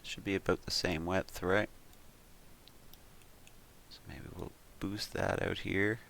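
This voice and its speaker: A man with a deep voice and a gravelly, fry-edged texture talks a viewer through a modeling tutorial, step by step. His delivery is casual and unhurried, and he thinks aloud with plenty of ums and uhs. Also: slight background noise. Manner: relaxed, thinks aloud with frequent "um" and "uh"; talks the viewer through steps with "we'll" and "you could". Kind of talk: casual screen-recorded tutorial.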